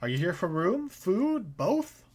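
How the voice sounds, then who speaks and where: Cheerful dwarf innkeeper, played by a man, pitched well up, welcoming. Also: very animated, measured pace, heavily acted.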